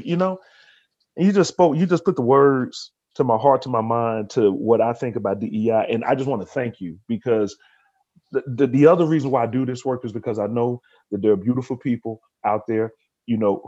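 Moved male podcast host, husky and dark. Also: a little fast, dull audio. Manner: rambling, restarts, deeply moved. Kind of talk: emotional interview conversation.

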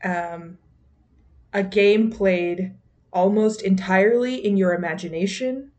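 A British woman co-hosting a podcast, taking her time over each phrase. She speaks in a measured, mock-formal tone at a middle pitch. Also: darkish tone. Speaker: podcast co-host. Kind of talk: casual podcast chat.

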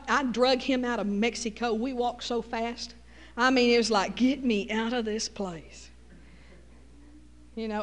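Southern texas lady preacher, middle-aged, chatty storytelling sermon, high pitched, echoey church hall. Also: a bit bright. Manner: folksy storytelling with call-and-response asides.

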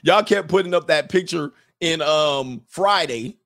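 A man's voice: a little high, a little slow, gravelly, a bit bright. A man hosting a casual commentary show, talking bluntly with profanity and mocking jokes, laughing at his own remarks. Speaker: host.

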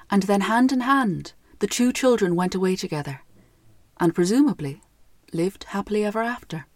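A woman's voice: mid-range voice, darkish tone, dry recording, studio quality. Irish woman reading a story. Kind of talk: storybook narration.

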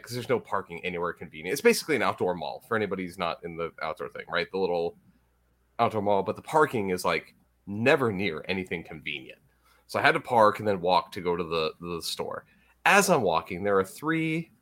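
Podcast co-host, male, animated storyteller, bright tone. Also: sits low. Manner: animated storyteller, laughs often. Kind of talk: casual chat.

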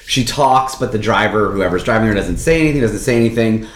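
A woman's voice: very deep voice, animated, quick pace, echoey room. A woman in her forties chatting casually about a film, with dry joking asides. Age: 40s. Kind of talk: casual movie chat.

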